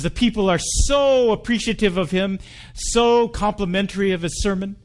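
A pastor gives a sermon in a relaxed, conversational way, pausing on ums and uhs. His voice sits a bit higher than most men's. He moves between a humorous story and earnest reflection.

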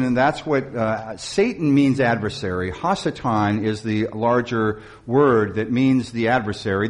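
A male pastor delivers a sermon at a mid-range pitch. He retells the story with lively, animated storytelling and drops in wry asides to his listeners.

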